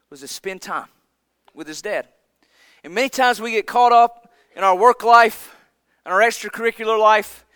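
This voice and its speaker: Bright-voiced preacher man. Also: high voice, no room sound. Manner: earnest, emphatic preaching with dramatic drops in volume. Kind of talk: sermon.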